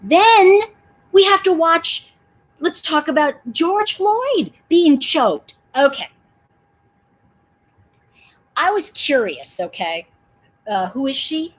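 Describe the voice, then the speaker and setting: A woman's voice: sits high, lively intonation, takes it slowly, pauses often, rough recording. A middle-aged woman hosting a casual livestream, talking emphatically and answering viewers in the chat. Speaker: livestream host.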